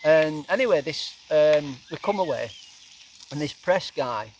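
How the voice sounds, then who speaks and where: Outdoors at a lakeside camp, a middle-aged guest camper spins a funny campfire tale in a fairly high voice at a measured pace. He's lively, breaking into quoted voices and laughter, and the noisy recording picks up the campfire's sizzle.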